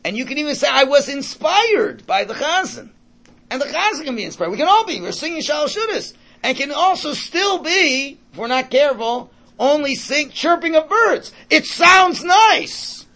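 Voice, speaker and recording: A man's high, widely swinging, sing-song voice carries an informal Torah class at a moderate pace with few pauses, sounding pushed and bright. Thinking out loud, he repeats words and blends Hebrew and Yiddish terms into his conversational talk.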